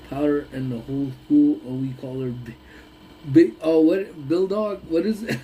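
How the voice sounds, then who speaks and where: A man hosting a casual live chat on his lunch break, telling stories with big swings from low mutters to high exclamations. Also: dark tone, slight background noise, rough recording. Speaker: live stream host. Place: parked car on a lunch break.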